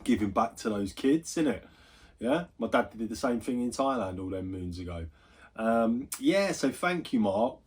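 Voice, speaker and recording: A man's voice: mid-range voice, animated, normal speed, slightly rough. A man chatting casually, swearing freely and wandering into asides as he tells a story on his gaming vlog. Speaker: gaming YouTuber.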